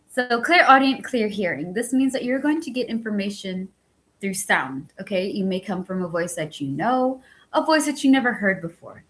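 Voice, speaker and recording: A woman reading a spiritual book aloud and chatting between passages. Her voice is squeaky and worn from talking all day, and she swears freely. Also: low-quality recording. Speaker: book-reading channel host.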